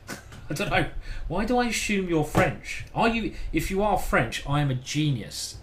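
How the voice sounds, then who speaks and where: A man's voice: on the high side, sing-song, unhurried, background noise. A man giving casual live-stream chess commentary, thinking aloud and chatting with his viewers. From United Kingdom.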